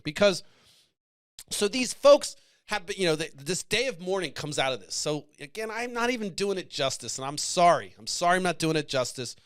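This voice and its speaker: A man's voice: a little high, fairly bright tone. Passionate, swearing man in commentary. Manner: passionate, profane, emotional. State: choked up. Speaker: podcast host. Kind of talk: casual commentary.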